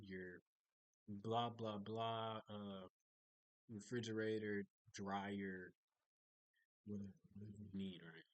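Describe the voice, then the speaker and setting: A man's voice: on the low side, fairly even intonation, takes it slowly, dry recording, rough recording. A young man telling stories in a casual video diary, rambling and chatty, full of fillers and restarts. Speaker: vlogger.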